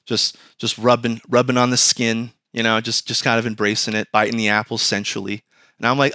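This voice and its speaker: Brief: podcast host, bright tense voice, rambling profane comic storytelling, dry close mic. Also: male voice, medium pitch, fairly even intonation, moderate pace, gravelly, dry recording. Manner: rambling, profane, self-mocking. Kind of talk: comedic storytelling.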